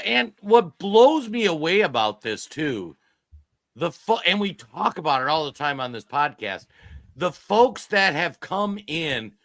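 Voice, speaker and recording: A man's voice: a little high, pushed and bright, dry recording. A man co-hosting a political podcast, talking in an emphatic, exasperated way. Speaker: podcast co-host. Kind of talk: heated political podcast talk.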